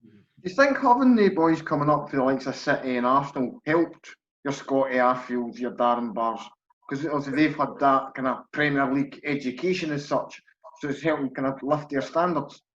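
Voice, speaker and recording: A male podcast host poses a considered follow-up question in a relaxed, conversational way. His voice sits at an ordinary pitch. The recording sounds muffled and carries some room echo. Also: normal speed. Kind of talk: interview questions. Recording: dull, echoey sound.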